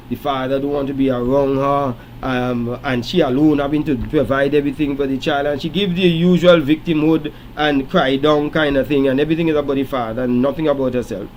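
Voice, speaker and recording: A man's voice: mid-range voice, darkish tone, a little hiss or hum, poor audio. A man hosting a late-night call-in radio show, telling stories and lecturing emphatically. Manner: preachy storytelling, rising to emphatic lecturing.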